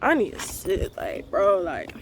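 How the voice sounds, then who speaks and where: A woman in her twenties vlogging a frank, profane morning rant to her viewers, full of slang and talking things through out loud. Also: medium pitch, huge pitch swings, a little slow, noisy background. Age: 20s. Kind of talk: casual morning rant to camera.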